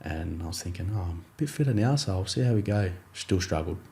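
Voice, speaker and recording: On a relaxed podcast, a young Australian rugby league player shares his story in a low, warm, somewhat creaky voice at a fairly quick pace. His casual telling wanders through fillers and restarts, and he puts on his coach's voice for quotes.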